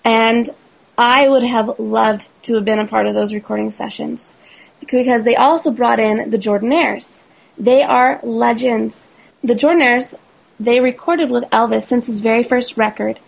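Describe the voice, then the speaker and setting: A woman's voice: on the high side, fairly even intonation, a little slow, gravelly, poor audio. A woman co-hosting a podcast, talking enthusiastically and chattily about a film's music, explaining points in a list. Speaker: podcast co-host. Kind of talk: casual podcast chat.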